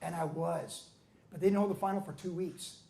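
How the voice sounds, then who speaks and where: High-voiced older man telling surf stories. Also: a little fast, vocal fry, reverberant. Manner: animated storyteller, acts out quotes with loud shouts and laughs. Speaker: pastor and former pro surfer telling his story. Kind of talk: storytelling talk at a book event. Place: surfing museum event hall.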